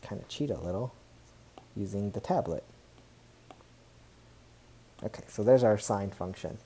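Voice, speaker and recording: Dark-voiced, chatty man teaching math. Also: medium pitch. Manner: chatty, self-correcting, upbeat exclamations. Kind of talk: recorded tablet math lesson.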